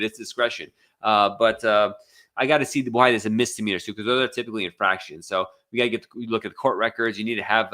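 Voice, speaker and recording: Bright-voiced American man answering questions. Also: lowish voice. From United States. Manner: loose and conversational, with many fillers and restarts. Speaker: immigration attorney hosting a live Q&A. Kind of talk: casual live Q&A, reading viewer questions.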